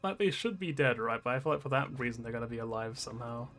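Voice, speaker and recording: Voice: medium pitch, lively intonation, fast talker, a bit bright, soft background music. A streamer giving casual watch-along commentary, rambling with lots of "like" and frequent laughs. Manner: rambling, full of "like" fillers, laughs often.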